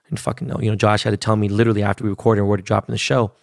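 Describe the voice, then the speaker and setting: A man's voice: fairly low pitch, little pitch movement, rapid-fire, vocal fry, no room sound, clean studio sound. A man, hosting a podcast and telling a story in a casual, profane, slangy rant. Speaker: podcast host.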